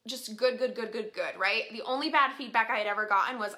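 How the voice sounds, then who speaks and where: A woman's voice: a little high, quick pace, bright, forceful tone. A young woman casually telling a story to her viewers, chatty and full of "like" fillers, laughing often. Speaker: vlogger.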